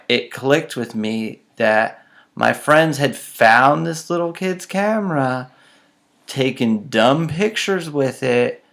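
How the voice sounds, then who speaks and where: Man, gravelly voice, casual self-mocking storyteller with a flair for drama. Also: medium pitch, fairly bright tone.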